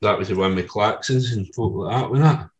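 A man's voice: fairly low pitch, a little fast. A man hosting a podcast interview, asking brief questions and chiming in casually. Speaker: podcast host.

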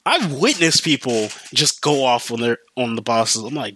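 Young man, solo podcast host, swearing rant, bright tense voice, lively pitch, dry close sound. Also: normal speed, husky, no echo. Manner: profane, animated storytelling with mimicked voices.

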